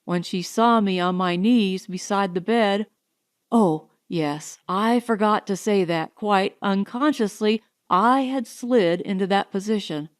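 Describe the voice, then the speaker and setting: A woman narrating a novel as an audiobook in a measured, expressive way. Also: medium pitch, clear, resonant tone.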